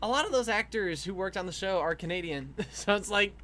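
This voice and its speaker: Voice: mid-range voice, lively intonation, a little fast, bright, forceful tone. A co-host in casual chat, rambling, laughing often and swearing casually.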